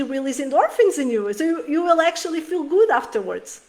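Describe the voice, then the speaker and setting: A woman with a high voice talks to the camera about parenting in an earnest, emotional way. She often stops and restarts her sentences as she searches for words. It sounds like a casual, heartfelt vlog. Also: moderate pace, few pauses. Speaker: parenting vlogger.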